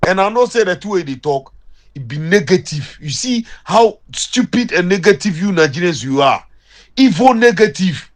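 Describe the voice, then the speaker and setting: A man's voice: high-pitched, animated, normal speed. A young Ghanaian man with a Ghanaian accent, sending a confrontational voice-message rant in Pidgin English.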